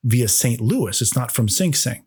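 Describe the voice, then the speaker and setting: A man's voice: mid-range voice, lively intonation, a little slow, a little mellow, slightly rough. A man co-hosting a comedy podcast, chatting in a playful way and laughing often. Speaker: podcast co-host. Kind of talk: casual comedic chat.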